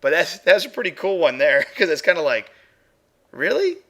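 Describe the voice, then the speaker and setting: A man's voice: a little high, brisk, pushed and bright. A man hosting a live paranormal stream, chatting casually as he plays and reviews audio clips with his chatroom. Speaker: paranormal show host.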